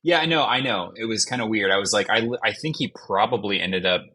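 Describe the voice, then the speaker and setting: A man's voice: lowish voice, a little fast, sharp tone, slightly rough. A man joining a podcast as a guest, chatting casually and easily about a film. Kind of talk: casual movie review chat.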